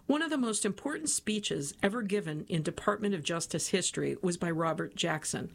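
Woman reading an interview aloud. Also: mid-range voice.

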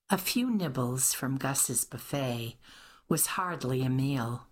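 A woman with a low, slightly husky voice reads a mystery novel aloud. She takes her time, unhurried and even. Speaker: audiobook narrator. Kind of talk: scripted narration.

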